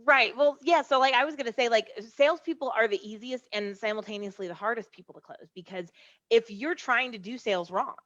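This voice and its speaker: A woman sales trainer explaining her methods in a brisk, confident manner during a casual online conversation. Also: a little high, a bit bright, no echo. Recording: dull dry lo-fi call audio.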